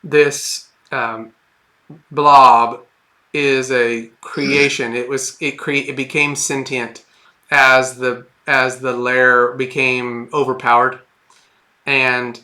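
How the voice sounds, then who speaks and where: A man's voice: medium pitch, bright, forceful tone. A man running a tabletop game as game master, narrating in a rambling, hesitant way with many fillers and restarts.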